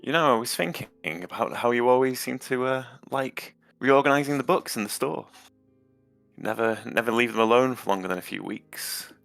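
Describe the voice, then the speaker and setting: A man's voice: mid-range voice, normal speed, vocal fry, fairly bright tone, no echo, soft background music. A man playing his character in a tabletop game, mild and hesitant. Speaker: player.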